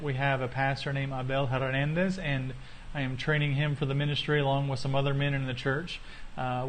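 A man gives a missionary update in a halting voice full of ums and uhs. His voice sits at an ordinary pitch. A faint hiss of background noise runs under it. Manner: halting, with many fillers. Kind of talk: recorded video update.

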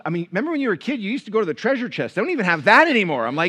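A middle-aged man preaching a sermon as pastor, animated and storytelling, swinging between loud bursts and hushed asides. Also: high-pitched, very fast, hardly any pauses.

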